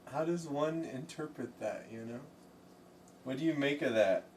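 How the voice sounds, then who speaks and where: Man, live-stream painter, slow and rambling, jokey asides, sits back from the mic, faint background hiss. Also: medium pitch, far from the mic. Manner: rambling, jokey, talks to chat and to himself. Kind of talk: casual live-stream chat while painting. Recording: voice from off the mic, faint room noise.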